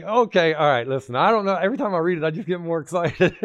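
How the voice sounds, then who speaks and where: A male pastor preaching a sermon, emphatic and excitable, repeating phrases and bursting into sudden shouts. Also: fairly high pitch, moderate pace, pauses often.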